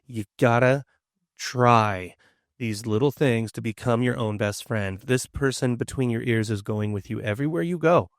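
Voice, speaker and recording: An earnest man on a podcast, encouraging listeners in a steady conversational voice. His pitch sits in the middle range. The sound is dry, with no room echo. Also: moderate pace. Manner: earnest, encouraging, explains at length. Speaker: podcast co-host and teacher. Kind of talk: casual conversational podcast chat.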